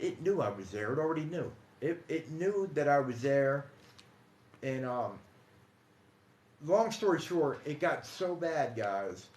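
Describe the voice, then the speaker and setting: A man casually telling his own paranormal experiences on a livestream, calling his listeners guys and dude, hushed in some stretches and emphatic in others. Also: fairly high pitch. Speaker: paranormal storyteller. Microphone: phone or computer mic on a livestream. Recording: echoey room.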